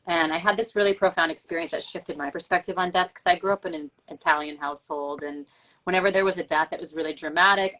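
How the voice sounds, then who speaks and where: A woman host chats in a casual podcast, telling stories with lots of likes and ums. Her voice sits on the lower side. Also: fast talker, poor audio. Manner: animated storyteller, many likes and ums.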